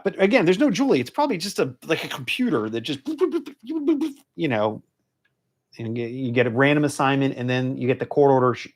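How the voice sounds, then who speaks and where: Casual rambling man live-streaming legal commentary. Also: medium pitch. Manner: casual, rambling, with many fillers and restarts. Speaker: divorce lawyer. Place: law office.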